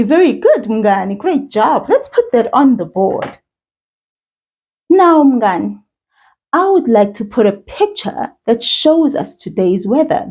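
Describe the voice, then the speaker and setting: A South African woman teaching children, with encouraging sing-song praise and slow call-and-repeat drills. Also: on the high side, dark tone. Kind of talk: slow, patient kids' lesson with call-and-repeat. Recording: dull lo-fi sound.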